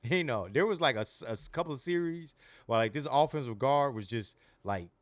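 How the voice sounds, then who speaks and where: Sports podcast guy, super lively voice, laughs a lot, dry close mic. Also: mid-range voice, a little fast, dry recording. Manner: animated, laughing, loose slang. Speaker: podcast co-host. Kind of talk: casual sports podcast chat.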